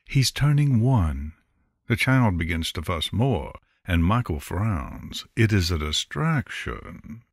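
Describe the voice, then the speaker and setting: Slow, lively-voiced male narrator. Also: low-pitched, dry recording, studio quality. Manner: expressive, unhurried storytelling. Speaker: audiobook narrator. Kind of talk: scripted narration.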